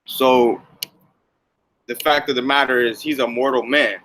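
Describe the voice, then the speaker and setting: A man talks through a casual religious commentary and keeps peppering his lines with "man" and "okay". His voice is bright and forceful. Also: medium pitch, steady tone, unhurried, slight background noise, low-quality recording.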